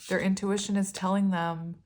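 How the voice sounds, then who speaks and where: A woman's voice: medium pitch, little pitch movement, normal speed, a little mellow. A woman giving a casual tarot reading to her viewers. She talks in a loose, rambling way, corrects herself often, and keeps breaking into giggles. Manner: loose and rambling, many ums and self-corrections. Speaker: tarot reader.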